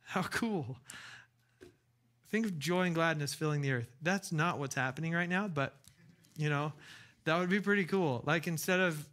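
A man's voice: a little high, moderate pace, long pauses, a bit bright. A man preaching a casual, chatty sermon with enthusiasm, often restarting his sentences and laughing. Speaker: pastor.

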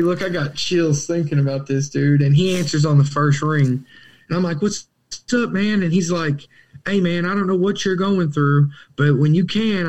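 A young man whose voice sits a bit higher than most men's tells his story as a podcast guest in recovery. He's casual and animated, acting out quotes and laughing often.

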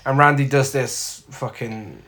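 A man's voice: medium pitch, unhurried, fairly bright tone. Sardonic man recapping a film. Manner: sweary, sardonic plot recap. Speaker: podcast co-host. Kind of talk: casual film review chat.

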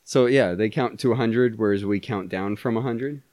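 A man's voice: fairly low pitch, normal speed, darkish tone, no room sound, studio quality. A man co-hosting a podcast, casually asking confused questions and joking while watching a movie. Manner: baffled, joking, laughing. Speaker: podcast co-host.

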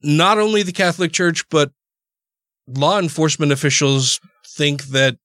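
A man hosting a casual podcast, with a slightly higher voice. He laughs often and swears freely. He is recorded dry and close to the mic, with no room sound. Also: normal speed, fairly bright tone, no room sound. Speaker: podcast host.

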